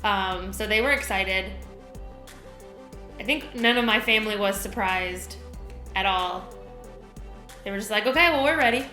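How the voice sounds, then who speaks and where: A young woman co-hosting a couple's vlog, chatting casually in a relaxed, halting way. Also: medium pitch, reverberant, faint music behind. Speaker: vlog co-host. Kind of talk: casual chat.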